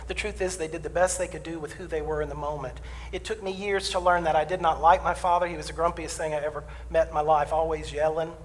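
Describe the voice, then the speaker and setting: A middle-aged man preaching a conversational sermon as minister, swinging from loud declarations to hushed asides and acting out complaints in quoted voices. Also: fairly high pitch. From southern United States. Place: church sanctuary. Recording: long hall reverb, faint room noise.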